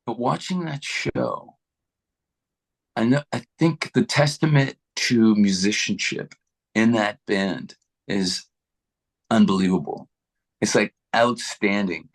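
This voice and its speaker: A middle-aged man from Canada, a guitarist being interviewed, chatting in a relaxed, rambling way with many restarts. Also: lowish voice. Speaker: guitarist guest. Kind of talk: casual interview chat.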